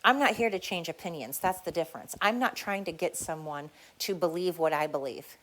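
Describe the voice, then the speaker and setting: A woman's voice: on the low side, fairly quick, a bit bright. Woman, podcast host, solo rant, heated, blunt, swearing, repeats for emphasis.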